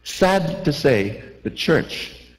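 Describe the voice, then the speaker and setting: Animated man preaching in a reverberant hall. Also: on the high side, very slow. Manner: animated, acts out little scenes, asks the crowd questions. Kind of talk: lively sermon.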